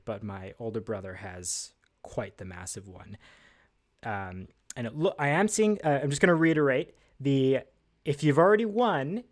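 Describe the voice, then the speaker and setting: A man hosting a casual livestream trivia from behind a desk, chatty and upbeat with lots of fillers and self-deprecating asides. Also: mid-range voice. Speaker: livestream host. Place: at a desk indoors.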